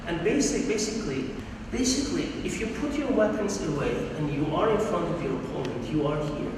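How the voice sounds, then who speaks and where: A man teaching a martial arts seminar, explaining and demonstrating moves as he goes. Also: fairly high pitch. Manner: explains while demonstrating moves, repetitive phrasing. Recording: echoey hall, distant mic, audible noise.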